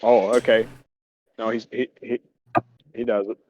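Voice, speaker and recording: A man running a tabletop game as game master, calmly narrating the scene with a few fillers. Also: medium pitch, unhurried, a little hiss or hum. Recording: dull lo-fi mic.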